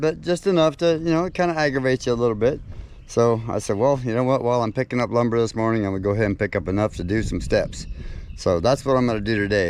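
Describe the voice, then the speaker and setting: A man's voice: fairly low pitch, darkish tone, slight background noise. Folksy man vlogging outdoors. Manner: chatty, folksy, laughs often, addresses viewers as y'all. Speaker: homesteading vlogger. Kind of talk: casual vlog chat to camera. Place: outdoors on a rural homestead.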